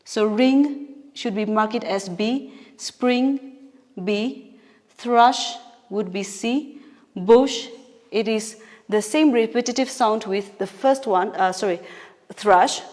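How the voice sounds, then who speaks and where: Slow-speaking woman teacher, echoing room. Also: a little high, a little mellow. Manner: patient, explaining step by step with self-corrections. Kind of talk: classroom poetry lesson. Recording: long reverb.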